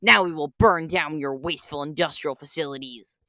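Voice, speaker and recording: A vengeful male nature spirit, put on by a woman, solemn and menacing as he threatens to wreck a block-game village. His voice sits low, with a dry, close sound. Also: brisk, bright, forceful tone, no room sound. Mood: scornful.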